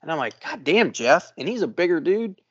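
A fairly high-voiced man tells a rambling story, swearing constantly and animated as he goes. The sound is a little dull and lo-fi, like a modest podcast setup. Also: fairly quick, husky. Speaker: podcast co-host. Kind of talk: casual storytelling.

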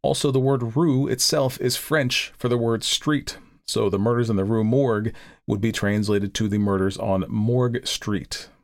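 A man from the United States hosting a podcast, chatting casually and then reading a classic story in a measured voice. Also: medium pitch, steady tone, no room sound, studio quality. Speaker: podcast host and narrator.

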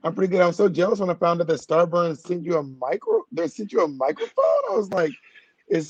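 A playful man with a high, husky voice chats as a podcast guest. He jokes with mock complaints. He talks into a home USB microphone. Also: very animated, brisk, a little mellow, low-quality recording. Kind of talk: casual chat.

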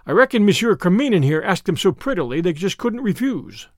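A man's voice: high-pitched, big pitch swings, a little fast, a little mellow, no room sound, clean studio sound. A man voicing a bold, cheerful young man who talks in breezy slang.

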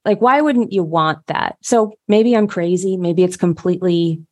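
Heartfelt storytelling woman with lower voice. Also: moderate pace, darkish tone. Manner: heartfelt, storytelling with frequent restarts. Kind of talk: casual conversation.

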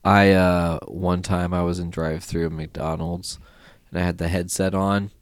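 A man co-hosting a casual podcast, animated and joking, swearing freely as he chats with friends. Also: low-pitched, normal speed, no echo. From small town in Indiana. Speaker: podcast co-host.

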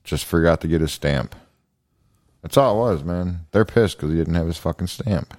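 Deep-voiced man cracking jokes on a podcast. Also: moderate pace, a little mellow, no echo, clean studio sound. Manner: wisecracking, profane. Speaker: podcast co-host. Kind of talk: casual podcast banter.

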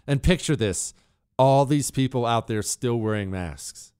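A man's voice: mid-range voice, huge pitch swings, takes it slowly, smooth. A man in his forties hosting a solo talk radio show, ranting sarcastically and mocking with bursts of laughter.

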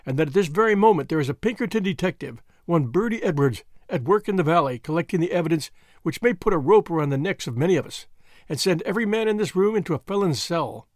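A man's voice: fairly high pitch, lively intonation, fast talker, no echo, clean studio sound, natural voice. A man reading as McMurdo, an earnest bold young man. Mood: solemn, grave. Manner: earnest, forceful pleading and solemn speechmaking. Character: bold young man, secret-society member, earnest and commanding.

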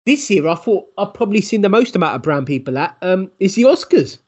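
High, husky male co-host, chatty and teasing, lo-fi dull sound. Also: big pitch swings, brisk, a little mellow. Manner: chatty, teasing, says "bruv". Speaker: podcast co-host. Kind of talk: casual podcast chat.

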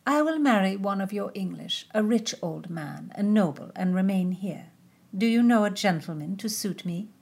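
A woman's voice: mid-range voice, lively intonation, normal speed, gravelly, a little mellow, voice pushed up. A woman voicing a worldly, teasing lady-in-waiting who speaks boldly. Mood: confiding. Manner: teasing, bold.

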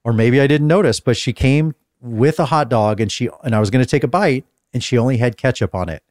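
Calm, even-keeled man hosting a chat. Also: mid-range voice, brisk, no echo, clean studio sound. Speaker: podcast host interviewing guests. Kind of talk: casual conversational interview.

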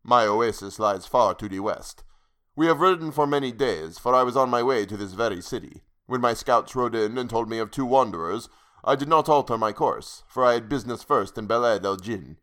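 A man's voice: medium pitch, lively intonation, moderate pace, a bit bright, lightly acted. A man reading the lines of a mocking, formal Arab sheik in an audiobook story. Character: scornful Arab sheik, middle-aged man.

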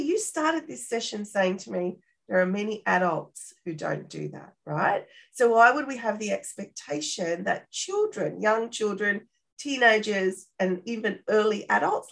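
A woman explaining parenting skills in a casual interview, lively and often checking in with tag questions. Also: mid-range voice, moderate pace, gravelly. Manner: animated, acts out parent-child dialogue. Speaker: parenting expert guest.

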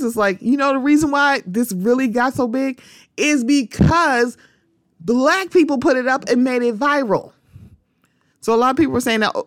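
A woman's voice: mid-range voice, dry recording. Outspoken woman podcaster, dry close sound. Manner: animated, repeats "the thing about it is", talks straight to listeners. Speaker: podcast host. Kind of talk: casual opinion monologue.

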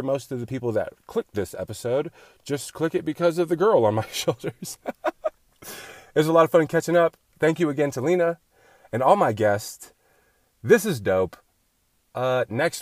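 A man's voice: mid-range voice, darkish tone, no room sound, clean studio sound. A man hosting a podcast, chatting casually and joking around with a guest, swearing freely. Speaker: podcast host. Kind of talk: casual interview chat.

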